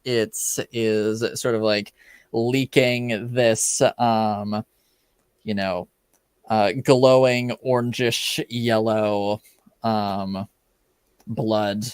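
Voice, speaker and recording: A man running a tabletop game as game master, describing scenes haltingly with many pauses and filler words. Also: on the low side, little pitch movement, smooth, dry recording. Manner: halting, full of ums and likes.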